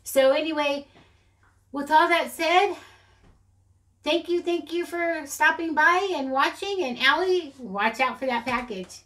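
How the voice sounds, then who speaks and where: This craft channel host, a middle-aged woman, meanders through her haul video with plenty of self-mocking giggles. She speaks in a high, slightly bright voice at a somewhat slow pace.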